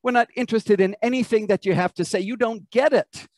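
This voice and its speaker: A man's voice: high-pitched, fairly quick, darkish tone, close to an everyday voice. A man voicing a scornful priest who brushes off a prophet as an outsider. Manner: scornful, dismissive. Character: dismissive ancient priest, scornful male.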